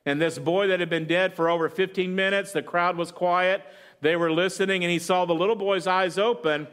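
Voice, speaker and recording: A man with a somewhat high voice preaches to his congregation. He tells a long story aloud and quotes the people in it, with fillers and restarts along the way. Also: steady tone, a bit bright, clean tone. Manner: retells a story with quoted lines, halting fillers. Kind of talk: sermon storytelling.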